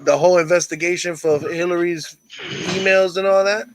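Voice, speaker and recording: A man's voice: sits high, normal speed, no echo, rough recording. A man in casual chat, telling crude dirty jokes with lots of swearing and acting out the characters' voices. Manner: crude, animated storyteller doing character voices.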